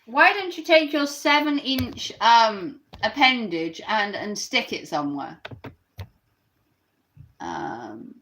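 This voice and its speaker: A woman's voice: a little high, very animated, takes it slowly, a bit bright, slight background noise. A woman ranting on a live stream and reacting to her chat, sarcastic and mocking.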